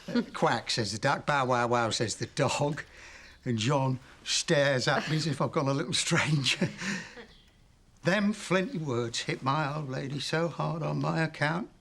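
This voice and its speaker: An actor playing a jovial, good-hearted old Victorian gentleman who talks in a chuckling, rambling way. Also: medium pitch. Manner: chuckling, rambling, with playful animal sounds. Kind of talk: period TV drama acting.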